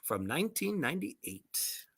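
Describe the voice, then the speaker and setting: Woman co-host, unhurried and sarcastic, cursing freely; bright, animated delivery. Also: lowish voice, husky. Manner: sarcastic, swears freely, laughs often. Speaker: co-host reading and mocking a music list. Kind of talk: casual profane commentary.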